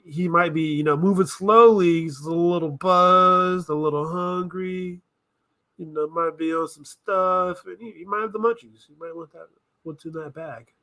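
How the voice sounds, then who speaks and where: A man riffing through casual reaction commentary with a voice pitched a little high. He thinks out loud, wanders off track and corrects himself as he goes. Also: fairly even intonation, moderate pace. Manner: rambling, thinking aloud, self-correcting. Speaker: reaction video host.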